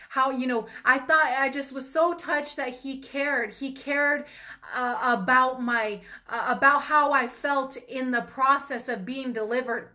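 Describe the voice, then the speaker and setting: A woman's voice: sits high, fairly even intonation, a little slow, sharp tone. A young woman hosting a faith talk, sharing an earnest, emotional personal testimony and calling her viewers "you guys". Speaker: ministry host.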